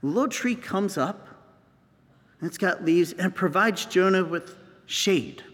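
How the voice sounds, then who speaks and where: A male priest preaching a homily, retelling a scripture story in an unhurried, drawn-out way and acting out the characters' outbursts. His voice sits a little high. It rings with the long echo of a large hall. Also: animated, a bit bright.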